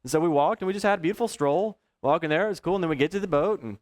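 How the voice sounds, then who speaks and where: A man's voice: fairly high pitch, racing. A man preaching a sermon, telling personal stories and chuckling often. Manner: chuckles often, lively storyteller. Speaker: pastor.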